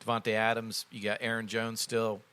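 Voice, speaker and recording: Bright-voiced Midwestern man talking sports. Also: lowish voice, completely flat delivery, normal speed, smooth. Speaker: podcast co-host. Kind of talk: casual sports chat.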